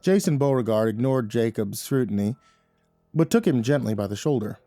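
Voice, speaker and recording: Male horror-story narrator, measured, dry close read over faint music. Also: medium pitch, lively intonation, warm tone, dry recording.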